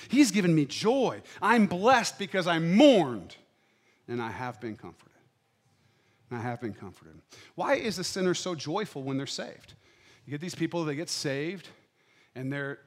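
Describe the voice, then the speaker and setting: Impassioned high-voiced male preacher. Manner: impassioned, swings from loud declarations to quiet asides. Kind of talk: sermon. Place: church.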